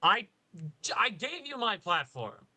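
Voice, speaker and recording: Bright-voiced man debating in a roleplay. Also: high-pitched, very animated, takes it slowly. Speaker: candidate in a roleplay election.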